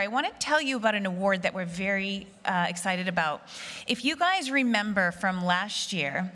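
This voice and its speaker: A woman's voice: medium pitch, a bit bright. A woman hosting a live photography competition broadcast, making conversational, upbeat announcements. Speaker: competition host. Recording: long hall reverb.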